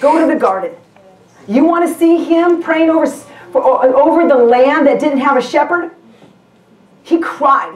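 The woman's voice is high and expressive, moving at normal speed as she preaches as a guest pastor. Talking conversationally in the church sanctuary, she keeps restarting sentences and asking the congregation questions. The sound is echoey and captured from far away in the hall.

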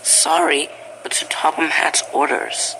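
A narrator voicing an adult male engine driver who speaks in a brisk, matter-of-fact way. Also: mid-range voice, steady tone, noisy background, lightly acted. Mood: firm.

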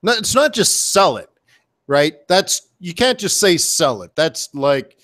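A man coaching forex trading in live commentary, excitable and full of playful slang. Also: fairly high pitch. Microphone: webcam setup.

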